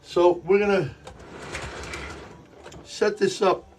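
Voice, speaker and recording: A man hosting a live stream from his model railroad layout, sniffly and sneezing, talking in a rambling, halting way that often repeats itself. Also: high-pitched, fairly even intonation, darkish tone, a little hiss or hum. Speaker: livestream host running a model railroad. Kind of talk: casual live-stream chat while working. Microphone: earpiece in ear.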